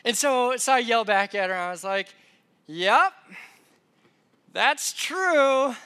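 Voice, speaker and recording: A man's voice: high-pitched, fast talker, fairly bright tone, smooth. A young man preaching a sermon in a conversational, self-deprecating storytelling way.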